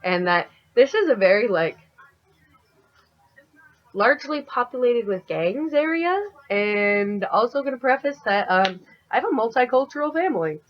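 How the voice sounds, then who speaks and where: A woman's voice: on the high side, normal speed, lo-fi sound. A woman in her twenties telling a story in a casual, chatty vlog, peppering her speech with "like". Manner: chatty, animated, heavy use of "like". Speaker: vlogger.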